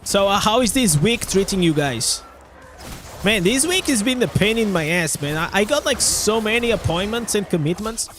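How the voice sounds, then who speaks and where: A man's voice: high-pitched, expressive, normal speed, a bit bright, slight background noise. A young man with a Portuguese accent chatting casually on a live stream, often restarting his words and swearing now and then.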